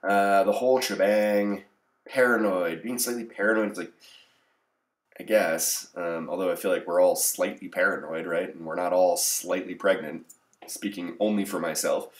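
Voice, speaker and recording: Wry low-voiced man solving crosswords. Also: steady tone, normal speed, roomy sound. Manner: wry, offhand, sarcastic asides. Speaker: crossword channel host. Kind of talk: casual live-solve commentary.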